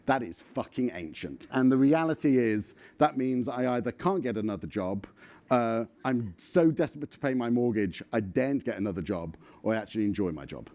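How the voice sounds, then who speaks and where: A man's voice: mid-range voice, expressive, moderate pace, darkish tone. Blunt, swearing man in his forties. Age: 40s. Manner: blunt, swearing, rambling with frequent ums. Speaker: conference speaker. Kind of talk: casual, self-deprecating talk.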